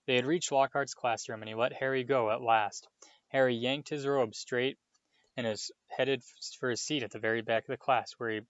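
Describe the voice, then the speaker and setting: A man reading a novel aloud in a steady storytelling manner, with small slips. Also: medium pitch, dry recording. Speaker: audiobook reader. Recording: dull, dry lo-fi home recording.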